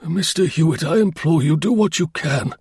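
A man's voice: a little high, animated, moderate pace, a little mellow, slightly rough, no echo, clean studio sound, voice pushed up, full character voice. A man voicing a desperate male employer who begs for help, imploring in an audiobook reading. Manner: imploring, urgent.

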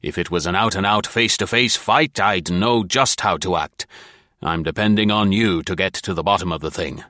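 A man voicing a stern, gruff older naval admiral with a raised, emphatic delivery in a read-aloud story. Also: low voice, moderate pace, bright, forceful tone, dry recording, studio quality.

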